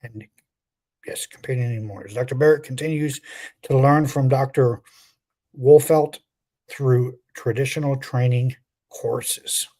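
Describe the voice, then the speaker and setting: A man's voice: mid-range voice, a little slow, pauses often, warm tone. A man co-hosting a pet podcast, reading a guest's bio with wry asides and stumbling over a few names. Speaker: podcast co-host.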